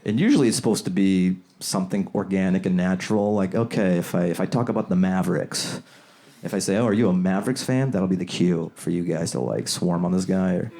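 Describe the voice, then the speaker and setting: A man's voice: a little fast, gravelly. Man doing a loose stand-up set. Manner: loose, conversational, jumps into high silly character voices. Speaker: stand-up comedian. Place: comedy club before a live audience. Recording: loud crowd laughter around the voice.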